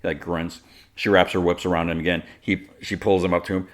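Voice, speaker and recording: A man's voice: deep voice, little pitch movement, a little fast. A man hosting a podcast, casually recapping a cartoon episode with lots of filler words. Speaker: podcast host.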